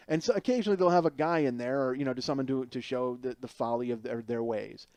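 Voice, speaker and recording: A man's voice: mid-range voice, fast talker, hardly any pauses, darkish tone, smooth, no room sound. Rambling sarcastic man, dry close mic. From Chicago area. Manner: rambling, sarcastic, many restarts and asides. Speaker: podcast host. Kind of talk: casual comedic monologue.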